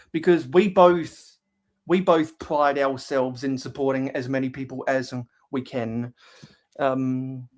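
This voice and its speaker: A man hosting a casual livestream while building LEGO. He talks hesitantly with many fillers and reads viewers' chat aloud. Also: medium pitch. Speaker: livestream host.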